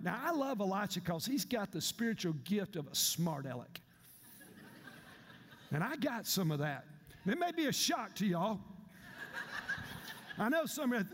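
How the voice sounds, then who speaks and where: A male pastor, preaching an animated, humorous sermon. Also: high voice, measured pace, pauses often, in a large hall, a little hiss or hum. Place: church sanctuary.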